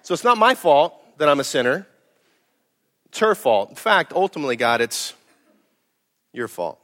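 A middle-aged man, a pastor preaching a sermon in a blunt, emphatic way, swinging from loud to hushed. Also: medium pitch, big pitch swings, moderate pace.

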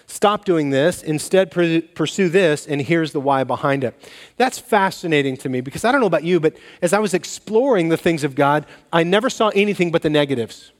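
A man's voice: on the high side, fairly quick. A man preaching a sermon as pastor, telling stories and acting out bits of dialogue. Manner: animated storytelling, acts out dialogue. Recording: long reverb of a large hall.

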